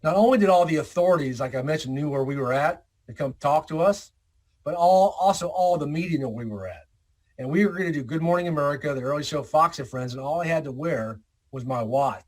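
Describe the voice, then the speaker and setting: Male speaker for a club talk, lively storyteller with a somewhat high voice. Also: brisk. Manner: animated storyteller, acts out quoted dialogue. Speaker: guest speaker.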